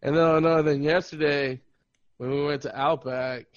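A man's voice: on the high side, normal speed, no echo, highs cut off. A man telling a funny story in casual podcast chat, laughing and acting out what people said. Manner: animated, laughing, acts out quotes. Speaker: podcast host.

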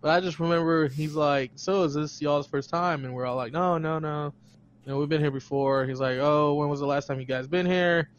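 A man's voice: a little high, fairly even intonation, a little fast, highs cut off, a little hiss or hum. Rambling man telling a story, laughing. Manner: rambling, repeats words, laughs often, acts out quotes. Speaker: podcast host. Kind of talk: casual storytelling chat.

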